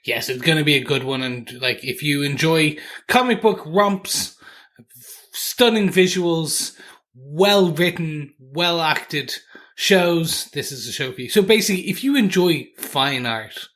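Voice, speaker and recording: A man co-hosting a TV podcast, jokey and playful, his voice dropping off quietly at the ends of sentences. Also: a little high, animated, measured pace. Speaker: podcast co-host. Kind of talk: casual podcast chat.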